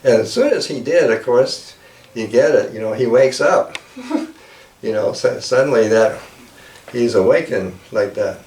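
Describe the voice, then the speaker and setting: Halting male storyteller in an echoey room. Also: mid-range voice, animated, darkish tone, distant mic. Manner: halting, lots of "you know" and "like that". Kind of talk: casual oral storytelling.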